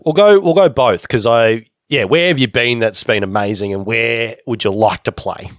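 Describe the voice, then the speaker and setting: A man's voice: mid-range voice, moderate pace, no room sound, clean studio sound. A man hosting an interview podcast, chatty and jokey, wandering off on tangents. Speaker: podcast host. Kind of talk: casual interview chat.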